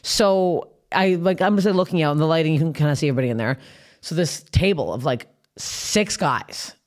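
A woman in her thirties, a stand-up comedian co-hosting a podcast, telling stories in a fast, profane, animated way. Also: deep voice. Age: 30s. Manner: fast, profane, animated retelling with acted quotes. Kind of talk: casual chat, storytelling.

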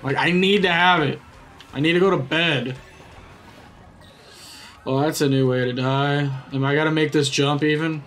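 A young man giving excitable, profane live commentary while racing in a kart game, often yelling at it. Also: on the high side, normal speed, long pauses, faint music behind. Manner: excitable, swears a lot, yells at the game. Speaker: gaming YouTuber.

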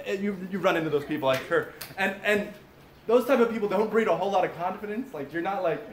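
Expressive and quick, this high-pitched pastor delivers a chatty sermon at a father-son camp gathering, addressing his listeners head-on and veering into asides. Expect an echoey room, faint ambience, and slight background noise.

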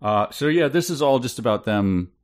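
A man's voice: medium pitch, expressive, moderate pace. A man co-hosting a casual book podcast, reading passages aloud and poking fun at them with dry sarcasm. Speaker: podcast co-host. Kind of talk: casual book-review chat.

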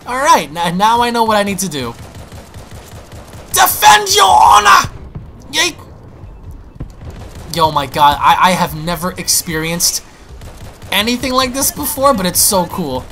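A young man giving excitable, panicky gameplay commentary, stammering and restarting as he plays. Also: high-pitched, moderate pace, slight background noise. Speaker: gaming YouTuber.

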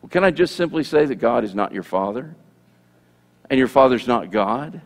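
Male pastor, conversational sermon, gravelly edge, long hall reverb. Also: medium pitch, expressive, normal speed. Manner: conversational preaching, repeats phrases, acts out sample prayers. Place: church sanctuary.

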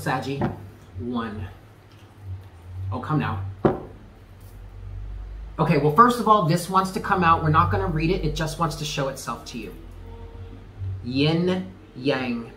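In an echoey room with faint noise behind him, a tarot reader speaks in a fairly high, bright, forceful voice. He gives viewers a casual, effusive reading, emphatic, swearing freely and laughing a lot.

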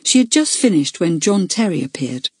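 A woman narrating a children's book in a clear, measured storytelling manner. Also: on the low side, big pitch swings, no echo. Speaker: audiobook narrator. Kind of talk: scripted narration.

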